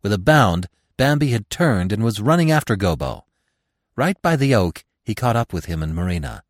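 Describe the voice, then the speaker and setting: Deep-voiced man narrating dramatically. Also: moderate pace, dry recording, studio quality. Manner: dramatic, expressive storytelling. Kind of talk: scripted narration of a classic novel.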